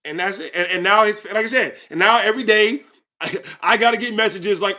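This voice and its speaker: A man hosting his own channel, ranting to viewers in a heated, confrontational way, swinging between loud outbursts and quiet asides. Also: high voice, very animated, brisk. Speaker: channel host.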